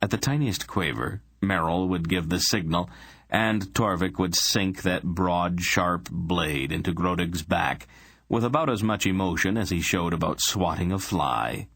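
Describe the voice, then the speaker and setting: A man narrating an audiobook in an expressive storytelling manner. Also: low voice, a little slow, no echo. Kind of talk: scripted narration.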